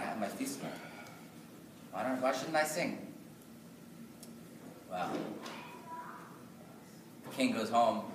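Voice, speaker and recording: A male storyteller telling a folk tale aloud at a live synagogue gathering, lively and rhythmic with repeated phrases. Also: mid-range voice. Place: synagogue event. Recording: echoey hall from far off, noisy.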